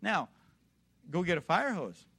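A man's voice: sits high, big pitch swings, measured pace, vocal fry, bright, forceful tone, husky. Emphatic preacher man, rising to exhortation. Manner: rhetorical questions to the congregation. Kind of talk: sermon.

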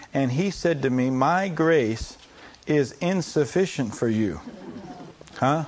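A man preaching a sermon, acting out prayers and quotes and laughing often as he teaches. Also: medium pitch.

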